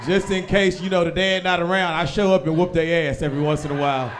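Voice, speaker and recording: A young man doing a stand-up comedy set in a small live venue, loud and profane, often shouting as he acts out people in his stories. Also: a little high, fast, slight background noise. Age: young adult. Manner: loud, animated, profane, swings into shouting impressions.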